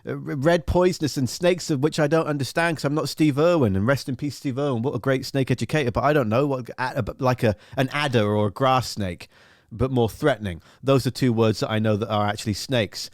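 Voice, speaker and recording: A man's voice: mid-range voice, brisk, no room sound, clean studio sound. A man hosting a live radio stream, chatting casually and telling a rambling, profane, jokey story full of silly acted-out voices.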